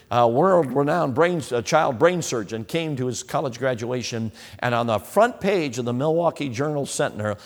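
A man's voice: medium pitch, animated, normal speed, hardly any pauses, in a large hall. A man preaching a sermon, acting out the questions of imagined listeners as he goes.

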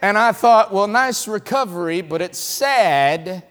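A man with a Southern US accent from North Carolina preaching a sermon as an evangelist, telling stories and swinging between loud lines and hushed ones. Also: high voice, animated, measured pace, long reverb tail. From North Carolina, USA.

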